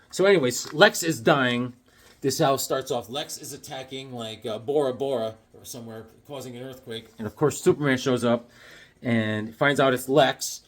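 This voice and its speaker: A man from Connecticut casually chatting about his comic books, rambling along and telling deadpan tall tales with jokes between them. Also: medium pitch. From Connecticut, USA. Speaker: comic book vlogger.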